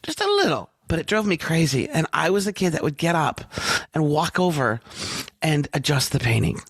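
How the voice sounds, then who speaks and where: A woman in her sixties, a branding coach, guest on a podcast, telling personal stories in an animated way with wide swings in pitch. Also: dry recording, studio quality. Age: 60s. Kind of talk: conversational storytelling interview.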